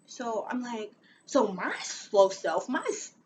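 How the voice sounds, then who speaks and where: A young woman telling a personal story on her vlog, animated and dramatic, with sighs and laughs. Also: on the high side, slow pace, a little hiss or hum. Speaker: vlogger.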